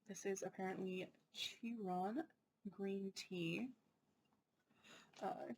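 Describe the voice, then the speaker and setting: A woman hosting her own unboxing channel, talking casually and excitedly about snacks, often apologizing and laughing. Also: mid-range voice, a little hiss or hum, low-quality recording.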